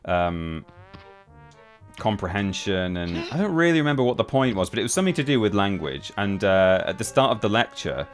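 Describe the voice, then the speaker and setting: Chatty low-voiced man streaming. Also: very animated, brisk, soft background music. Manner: rambling, chatty, restarts sentences often. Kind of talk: casual live-stream chat while gaming.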